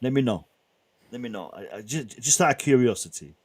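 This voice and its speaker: A man hosting a casual live stream, bantering with the chat in a lively way and often restarting his sentences. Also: mid-range voice, brisk, breathy edge. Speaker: livestream host.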